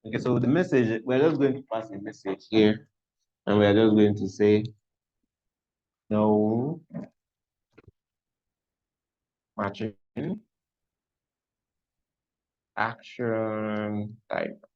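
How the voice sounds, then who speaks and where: A man's voice: fairly low pitch, steady tone, fairly quick, mellow. A man teaching a live coding class online, thinking aloud as he works and often repeating himself. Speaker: coding instructor. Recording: dull lo-fi audio.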